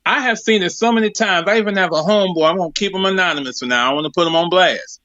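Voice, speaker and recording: Forties guy calling in, high voice, bright and dry, chatty and laughing. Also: fast, no room sound, lo-fi sound. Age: 40s. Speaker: caller. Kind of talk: casual chat.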